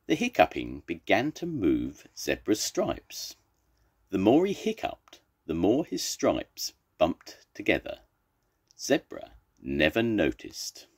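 Slow, deep-voiced grandfather reading aloud. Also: slightly rough. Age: older. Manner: animated, expressive, unhurried. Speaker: storyteller. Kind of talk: reading a children's story aloud.

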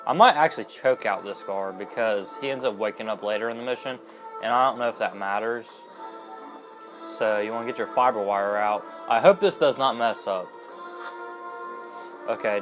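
A young man narrates his gameplay in a casual, chatty way. He rambles and often stops to correct himself. His voice sits at a middle pitch for a man. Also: normal speed, music in the background, poor audio. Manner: rambling and chatty, with many fillers and self-corrections. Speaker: gaming video host. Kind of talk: casual let's-play commentary.

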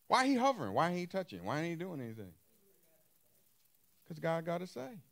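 A man's voice: on the high side, wildly swooping pitch, fairly quick, vocal fry, a bit bright. A man preaching a sermon in loose, colloquial speech, firing emphatic rhetorical questions at his congregation.

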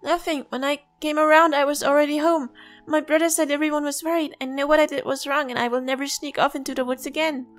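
A woman's voice: high-pitched, steady tone, fast talker, pitched above the performer's own voice, close to an everyday voice. A woman voicing a small, polite and curious village child who talks earnestly and sometimes stumbles over words, as a fan voice-over of game dialogue. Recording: faint music behind.

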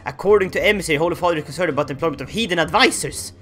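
A man narrating a strategy game playthrough, excitable and theatrical, laughing and bursting into shouts. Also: fairly high pitch, rapid-fire, faint music behind. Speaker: gaming YouTuber. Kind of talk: Let's Play commentary.

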